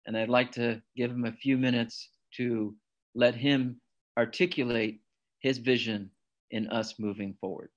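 A man moderates a community forum and introduces the next speaker in a measured, unhurried way. The recording sounds dull and muffled, with little high end. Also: steady tone.

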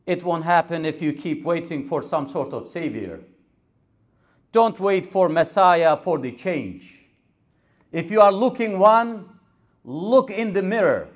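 A man delivering a Friday sermon as an imam, measured and emphatic, building on repeated phrases. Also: high-pitched. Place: mosque.

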